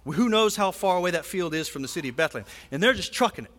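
Male pastor, high voice, chatty sermon full of asides, long hall reverb in a church. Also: animated, fast talker, fairly bright tone. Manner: conversational, frequent asides and "right?" tags. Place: church sanctuary.

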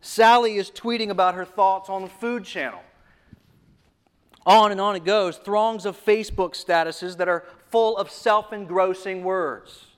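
Male preacher, fairly high pitch, emphatic and repetitive with sudden hushed drops. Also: a little slow, clean tone. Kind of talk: sermon.

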